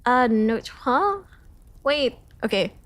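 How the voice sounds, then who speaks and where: A woman's voice: big pitch swings, takes it slowly, fairly bright tone, dry recording. A young woman from the Philippines on a study livestream, reading notes aloud and breaking off for giggly, self-conscious greetings to chat. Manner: reads lessons aloud, then jumps to high cheerful greetings to chat. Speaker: streamer.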